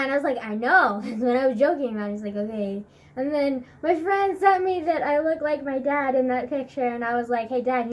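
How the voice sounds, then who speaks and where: A woman's voice: fairly high pitch, a little mellow. A teenage girl telling a rambling, casual story in a vlog, full of fillers, laughs and swearing. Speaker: vlogger.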